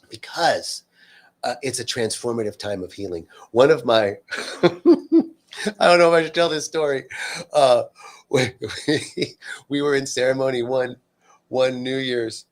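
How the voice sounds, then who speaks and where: An earnest man leads a live-streamed spiritual talk in a mid-range voice. He speaks off the cuff, restarting phrases and stacking repeated words for emphasis as he answers viewers. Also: medium pitch. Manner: loose and unscripted, frequent fillers and restarts.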